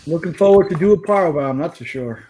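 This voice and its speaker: A man's voice: fairly high pitch, quick pace, mellow. A man joking around in a casual online video-call chat about comics. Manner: playful, jokey. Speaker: hangout participant showing comics.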